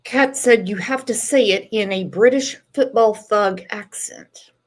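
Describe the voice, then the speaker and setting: A woman's voice: mid-range voice, unhurried. A woman hosting a casual livestream, chatting and teasing a caller. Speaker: channel host.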